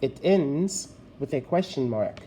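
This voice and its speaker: A male teacher giving a recorded remote grammar lesson slowly and deliberately, stressing key words. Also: mid-range voice, lively intonation, mellow, slight background noise.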